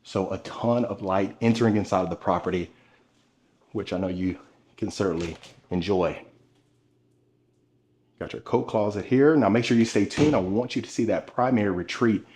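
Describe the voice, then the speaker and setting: A man's voice: on the low side, moderate pace, pauses often, a little mellow, a little hiss or hum. A man hosting a walking home tour vlog, speaking to viewers with upbeat enthusiasm while filming.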